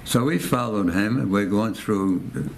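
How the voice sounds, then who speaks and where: A man's voice: lowish voice, moderate pace, creaky, a little hiss or hum. A man, telling a war story in a rambling oral-history interview and repeating his phrases. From United States. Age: 90s. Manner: rambling, repeats phrases, acts out quoted voices.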